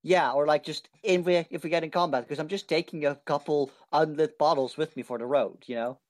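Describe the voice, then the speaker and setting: A man's voice: on the high side, fairly even intonation, a little fast. A man in casual tabletop game chat, using a slightly posh voice, eager and full of rules questions. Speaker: player.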